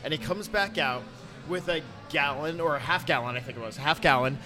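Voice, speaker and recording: A man's voice: a little high, brisk, over music. A man telling a long funny anecdote in a casual podcast chat, full of fillers and restarts. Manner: rambling anecdote with fillers and acted quotes. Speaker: podcast co-host.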